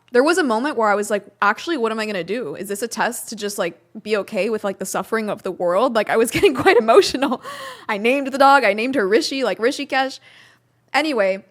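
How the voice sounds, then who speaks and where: A young woman, a podcast guest, telling a story in a casual interview, acting out quotes and using many "like" fillers. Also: medium pitch.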